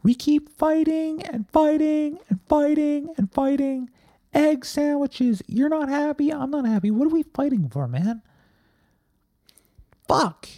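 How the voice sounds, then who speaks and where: A man putting on a whiny high breakup voice. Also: slow, dark tone, no room sound, studio quality, exaggerated voice. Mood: pleading, exasperated. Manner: pleading, exasperated breakup plea.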